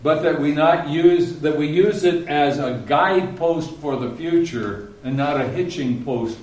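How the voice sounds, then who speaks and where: A man's voice: on the high side, measured pace, darkish tone, reverberant, far from the mic, poor audio. A man preaching a sermon as pastor, telling folksy stories with many ums and uhs. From Nebraska.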